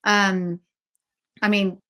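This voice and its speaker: A woman co-hosting a casual business webinar, talking chattily with lots of fillers and quick asides. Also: mid-range voice, flat delivery, sharp tone. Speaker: webinar co-host, website business owner.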